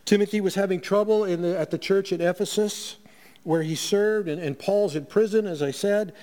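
A man's voice: sits high, moderate pace, darkish tone. A middle-aged male pastor giving a weekly sermon in a conversational way, with fillers and restarts. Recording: long hall reverb.

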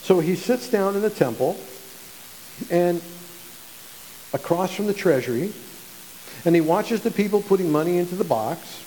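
A man's voice: high voice, lively intonation, moderate pace, long pauses, warm tone, slight background noise. Man preaching in an echoey church. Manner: conversational, repeats words, stammers on restarts. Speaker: pastor. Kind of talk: sermon.

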